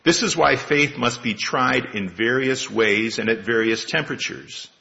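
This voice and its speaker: A man in his sixties preaching a sermon, in a measured way with repeated rhetorical questions. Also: medium pitch, gravelly, bright, forceful tone, muffled recording. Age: 60s. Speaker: lay preacher.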